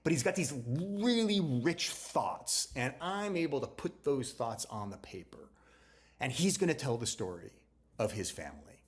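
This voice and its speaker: A man's voice: medium pitch, very animated, moderate pace. A man, a novelist, telling the story of his book in a loose, chatty interview, restarting sentences and acting out what other people said. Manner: chatty, acts out other people's lines in quotes. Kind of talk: anecdotal conversational storytelling.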